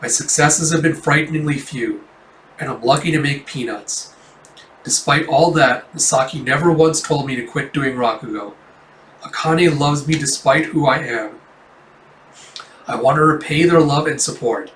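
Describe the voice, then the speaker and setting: A man reads a struggling performer and father, earnest and heartfelt in a fairly high voice. The sound is roomy and picked up from a distance. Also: normal speed, fairly bright tone, slight background noise, lightly acted.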